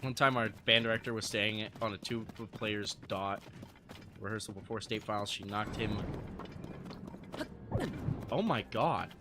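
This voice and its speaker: A man's voice: lowish voice, measured pace, long pauses, background noise. A young adult man streaming live, telling casual stories to his chat, swearing freely and laughing often.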